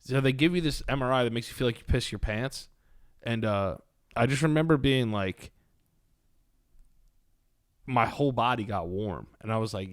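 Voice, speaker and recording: A man's voice: mid-range voice, fairly quick, pauses often. A young man, co-hosting a podcast and telling stories in swear-heavy slang. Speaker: podcast co-host. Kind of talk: casual chat.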